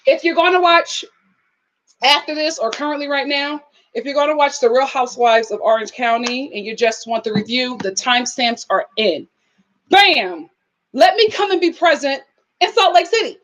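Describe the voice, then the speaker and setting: A high-voiced woman hosts a casual live stream and chats with her viewers in the comments. She sometimes sings out her hellos, and the recording sounds a little muffled. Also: a bit bright. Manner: chatty, talks to her live chat, sings greetings. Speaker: YouTube reality-TV reviewer.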